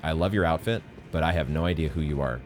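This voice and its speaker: A man's voice: extremely low pitch, fast talker, a little mellow, a little hiss or hum. A man streaming a blind playthrough of a video game, chatting and musing aloud in a playful way. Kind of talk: live gameplay commentary. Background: game music.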